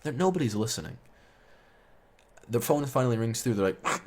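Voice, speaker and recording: A man's voice: medium pitch, expressive, normal speed. A man telling a story in a casual, rambling, profane way, chuckling as he goes. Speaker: storyteller host.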